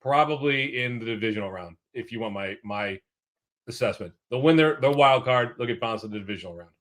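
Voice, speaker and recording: A man's voice: mid-range voice, animated, a little fast, a bit bright. Cohost guy on a football stream, medium voice, blunt opinions. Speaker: co-host. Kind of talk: live sports talk show.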